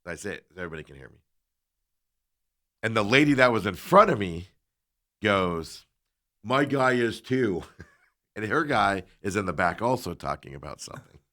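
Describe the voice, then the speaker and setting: A man on a talk show, casually telling a long story and animatedly acting out the people in it, sometimes dropping into quiet asides. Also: on the low side, big pitch swings, normal speed, pauses often. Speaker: co-host.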